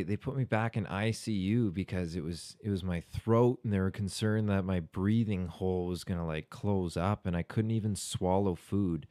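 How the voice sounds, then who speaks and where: A man's voice: low-pitched, darkish tone. A young man talking casually as a podcast guest, rambling, talkative and swearing freely. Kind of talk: casual chat.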